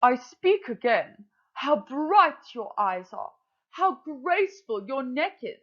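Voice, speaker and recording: A woman voicing a sly male fox in a storybook play, speaking slowly in a sugary, flattering way. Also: high voice, full character voice. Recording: dull lo-fi recording.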